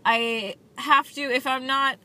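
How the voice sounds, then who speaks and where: A woman's voice: sits high, fairly even intonation, slow pace, pushed and bright. A young woman chatting casually in a daily video diary, rambling and enthusiastic with lots of fillers. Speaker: vlogger reviewing a film daily.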